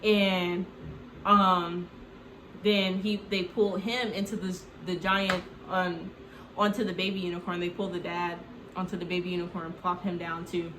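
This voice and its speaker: In a casual comedic movie retelling, a woman with a fairly low pitch speaks at a measured pace with flat delivery, rambling, saying "like" a lot, and swearing now and then. Recorded in an echoey room with background noise, she hosts the recap.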